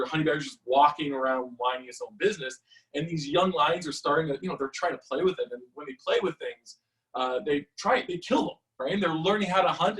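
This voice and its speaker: A man teaching a live-streamed martial arts class, talking in a chatty, animated storytelling way with lots of fillers. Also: fairly high pitch, far from the mic, rough recording.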